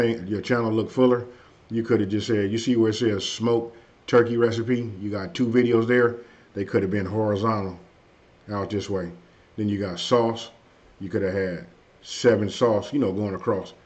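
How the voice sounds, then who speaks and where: Low-voiced laid-back man streaming live. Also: fairly even intonation, normal speed, darkish tone. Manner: loose and conversational, frequent "hey" and "you know what I mean". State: a bit under the weather, low energy. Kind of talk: casual live-stream chat reviewing viewers' channels. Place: at home. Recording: dull lo-fi stream audio.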